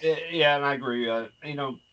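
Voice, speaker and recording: A man's voice: medium pitch, brisk, a bit bright, clear, resonant tone. Hesitant rambling man co-host, lo-fi sound. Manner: rambling, hesitant, many fillers and restarts. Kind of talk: casual chat.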